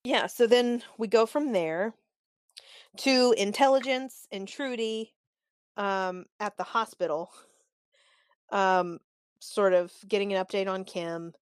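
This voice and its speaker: A chatty woman talking through a TV episode with a co-host, animated and quick to act out lines. Her voice sits at a middling pitch and is recorded very dry and close. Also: clear, resonant tone, dry recording. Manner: chatty and animated, acts out quoted lines, openly annoyed. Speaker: podcast co-host recapping a TV episode. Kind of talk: casual chat.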